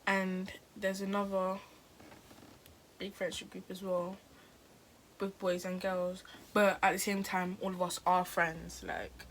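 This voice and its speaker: A woman's voice: lowish voice, flat delivery, takes it slowly, slight background noise. A teenage girl, telling a story to camera in a rambling, chatty way. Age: teens. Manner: rambling and chatty, full of "like" and restarts. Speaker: vlogger. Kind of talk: casual storytime chat.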